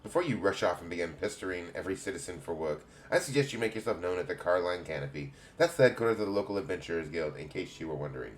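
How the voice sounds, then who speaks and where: A man's voice: low voice, lively intonation, fast, few pauses, slight background noise. A man voicing a dry, sardonic male city guard in a put-on English accent while reading game dialogue aloud.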